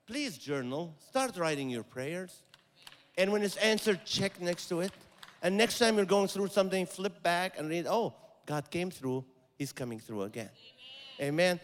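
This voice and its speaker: A man with a high voice preaching a sermon in a church sanctuary, his words trailing off into a long hall reverb. He tells stories and acts out the voices in them. He swings from loud, emphatic exhortation down to soft, intimate lines. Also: moderate pace. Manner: animated, rising to loud emphatic exhortation then dropping soft.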